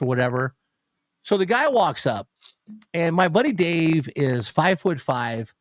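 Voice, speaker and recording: A man co-hosting a casual sports podcast, telling an animated story and swearing freely. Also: mid-range voice, a little slow, no echo. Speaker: podcast co-host.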